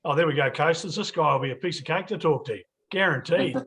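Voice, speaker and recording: A man's voice: a little high, fast talker, fairly bright tone. A man with a New Zealand accent hosting a casual interview outdoors by a lake, chatty and folksy with frequent fillers. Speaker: host.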